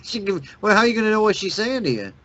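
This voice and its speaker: Man, laid-back webcast co-host, teasing, lively pitch, muffled lo-fi sound. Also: rapid-fire, slight background noise. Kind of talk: casual chat.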